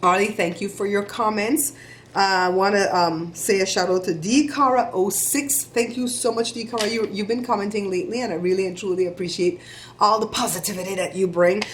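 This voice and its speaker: A middle-aged woman vlogger giving chatty, animated shout-outs to her viewers. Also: mid-range voice, fairly quick, a little hiss or hum. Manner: chatty, animated storytelling with laughs.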